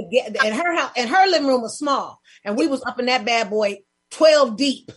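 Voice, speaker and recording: Host: a woman with a high, husky voice who makes her points with emphatic repetition. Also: animated, fairly quick. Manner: emphatic, repeats words to drive a point home. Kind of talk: casual interview chat.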